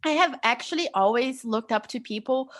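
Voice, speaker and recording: A young woman speaks as a podcast guest in a fairly high voice. She tells her story in an earnest, rambling way, leaning on "like" and "you know". The tone is casual and conversational. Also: normal speed, a bit bright.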